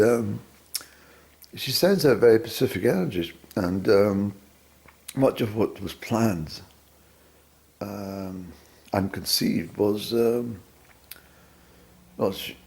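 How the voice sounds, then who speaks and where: At home, a Scottish vlogger rambles through a solo, fireside-style monologue, wry and musing, halting over his words with many fillers. His voice is fairly low, gravelly, and mellow, and he pauses often.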